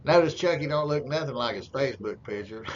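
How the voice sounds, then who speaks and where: Mocking man, lo-fi hiss. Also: mid-range voice. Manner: mocking, crude, drawling, puts on voices for others. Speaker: commentator narrating meeting footage. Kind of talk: sarcastic running commentary. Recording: dull lo-fi audio with faint hiss.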